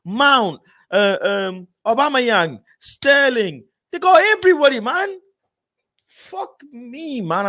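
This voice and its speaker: Animated young man ranting. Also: extremely high pitch. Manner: frustrated, swearing, animated. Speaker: football streamer. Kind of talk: casual live-stream rant. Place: home room.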